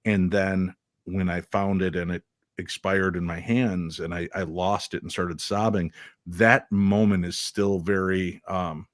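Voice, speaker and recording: A man as a radio guest, recounting a personal experience in a halting way with many fillers. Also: low-pitched, fairly even intonation, no echo, clean studio sound. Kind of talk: radio interview storytelling.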